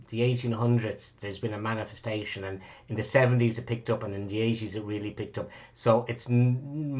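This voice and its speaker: A man with a Dublin Irish accent, running a tabletop game as dungeon master, rambling and swearing with many fillers. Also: on the low side. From Ireland.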